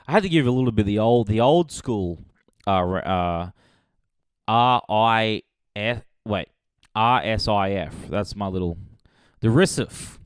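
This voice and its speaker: A man hosting a comedy podcast, rambling through a sarcastic movie pitch in a deadpan way, with sudden loud jumps. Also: measured pace, clean tone, no room sound, clean studio sound.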